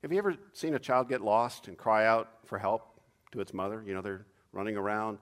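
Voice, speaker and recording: A man preaching a sermon in an animated way, acting out cries with sudden loud, high bursts. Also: a little fast. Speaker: pastor.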